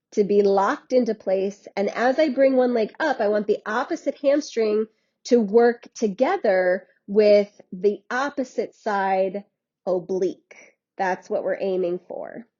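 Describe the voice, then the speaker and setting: Slow, mellow-voiced woman fitness instructor. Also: medium pitch, dull audio. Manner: encouraging, chatty, laughs often. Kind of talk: guided workout instruction.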